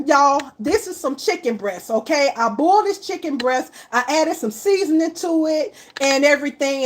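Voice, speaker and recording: Woman, high voice, live cooking stream host, chatty, calls viewers y'all and baby. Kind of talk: casual live-stream chat.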